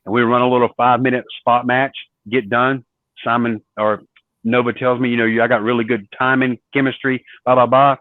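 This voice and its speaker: A man's voice: mid-range voice, brisk, no room sound. Storytelling man on a tinny line. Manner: animated storyteller acting out quoted dialogue. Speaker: guest, former wrestler. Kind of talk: storytelling interview. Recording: dry, phone-like narrow sound.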